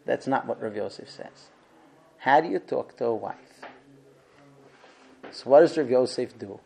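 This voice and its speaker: A man teaching a religious class, telling stories with animated voices for the characters and dropping to hushed whispers. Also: medium pitch, a little slow, vocal fry, pauses often, slightly rough. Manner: acts out characters with big swings from shouts to hushed whispers. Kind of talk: animated storytelling lesson.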